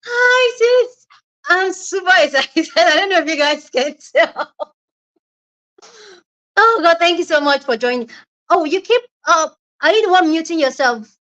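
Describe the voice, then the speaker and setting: A woman from Nigeria, hosting a casual live-stream chat from a room at home and squealing and shouting when excited. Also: extremely high pitch, measured pace, pauses often, highs cut off. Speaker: livestream host.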